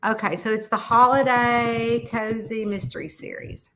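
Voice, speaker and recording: A middle-aged woman, chatting casually with viewers on a livestream about her books. She talks in an animated, chatty way and laughs often. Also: unhurried. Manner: chatty, animated, laughs often, quotes people in high voices. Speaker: mystery author hosting a livestream.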